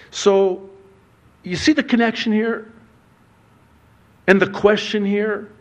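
Male pastor, fairly high voice, unhurried delivery, dramatic storytelling sermon with hushed asides and loud peaks. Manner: animated storytelling with rhetorical questions.

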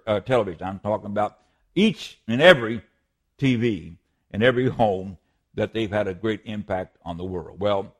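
Earnest preaching man, higher voice. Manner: earnest, emphatic, with frequent restarts. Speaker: pastor. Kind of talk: sermon.

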